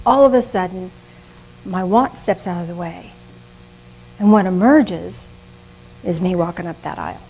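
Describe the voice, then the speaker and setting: An older woman preaching a sermon in a lively, conversational way, often laughing at herself. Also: mid-range voice, moderate pace, long pauses, breathy edge, low-quality recording. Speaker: minister.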